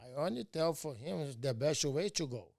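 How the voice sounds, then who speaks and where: An older man from Brazil, a native Portuguese speaker with a Brazilian Portuguese accent, speaking halting, broken English in short phrases as a guest in a casual conversation. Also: a little high, lively intonation, vocal fry, a little mellow, no room sound, clean studio sound. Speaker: martial arts master, interview guest.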